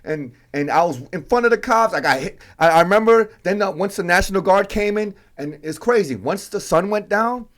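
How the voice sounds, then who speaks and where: A man's voice: sits high, fairly quick, few pauses. A man from New York, a podcast guest, telling a story animatedly and acting out the scenes in casual chat. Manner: animated storyteller who acts out scenes and voices.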